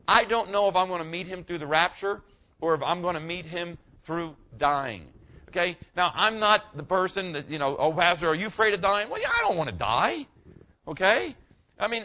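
Older guy pastor preaching, kinda high voice, chatty, keeps saying okay, gets loud at times, muffled lo-fi recording. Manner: conversational, keeps asking the congregation "okay?", swings from quiet to shouting. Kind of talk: sermon. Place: church.

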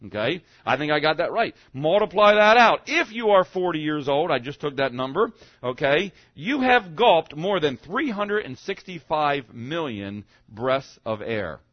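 A man preaching a conversational sermon as a pastor, often checking in with the congregation and restarting his sentences, rising to emphatic peaks and dropping to quiet asides. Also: very animated, a little slow, no room sound. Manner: conversational, keeps asking "okay?", stammering restarts; swings between emphatic rises and low quiet asides. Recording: dull, muffled lo-fi recording.

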